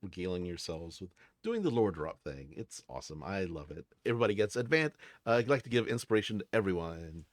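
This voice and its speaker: A man's voice: sits low, animated, quick pace, no room sound, clean studio sound. A man narrating as game master of a tabletop role-playing game, upbeat and playful.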